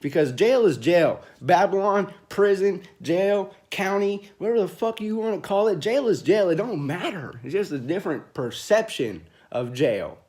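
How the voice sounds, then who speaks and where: A man venting in a rambling, profane monologue to camera from a small room, swinging between loud rants and low mumbling. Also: expressive, normal speed, hardly any pauses.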